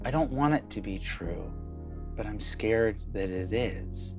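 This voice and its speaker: A woman's voice: very deep voice, lively intonation, unhurried, over music, pitched below the performer's own voice, heavily acted. A woman voicing Zelda, a lonely druid woman who speaks bluntly from the heart and swears when upset. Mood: tender.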